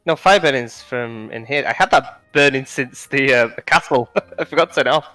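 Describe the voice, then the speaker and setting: A man's voice: mid-range voice, a little fast, pushed and bright, soft background music. Casual male game master on a call. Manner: casual, chuckling, checking on the audio setup. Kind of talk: running a tabletop game over a call.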